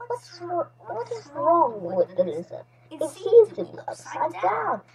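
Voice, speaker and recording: A woman reads as a gentle, caring hamster vet from a children's storybook, in a high voice that swoops up and down. She talks slowly and kindly, taking her time over every word. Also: wildly swooping pitch, gravelly, a crowd in the background, heavily acted, poor audio. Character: kind brisk female hamster vet.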